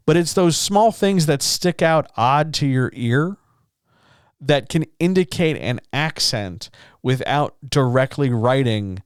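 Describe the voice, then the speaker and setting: A man's voice: medium pitch, animated, slow pace, clear, resonant tone, no room sound, studio quality. A man as a writing coach hosting a casual livestream Q&A, chatty and upbeat, talking straight to his chat through a podcast mic. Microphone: studio podcast mic.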